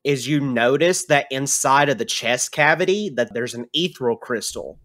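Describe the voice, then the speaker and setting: A man's voice: medium pitch, normal speed. A man acting as game master, casually explaining the rules and describing scenes. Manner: casual, relaxed explaining with fillers. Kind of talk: narrating a tabletop game.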